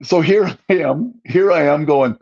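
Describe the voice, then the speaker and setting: A man co-hosting a podcast, telling a story about himself in a lively, self-mocking way. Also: fairly high pitch, measured pace, gravelly, highs cut off. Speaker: podcast co-host. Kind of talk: casual podcast conversation.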